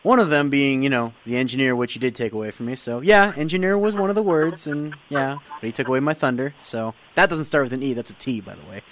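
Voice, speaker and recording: A male radio co-host who rambles and jokes, often stopping on fillers. His voice sits at an ordinary pitch for a man. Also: fast, few pauses, fairly bright tone, a little hiss or hum. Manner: joking, rambling, laughing. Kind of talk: playful radio show banter.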